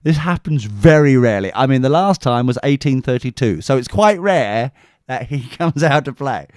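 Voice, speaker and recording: Sweary English man telling an animated story. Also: medium pitch, normal speed, no echo, studio quality. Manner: sweary, animated anecdote with mimicked voices. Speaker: podcast co-host. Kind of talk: casual storytelling chat.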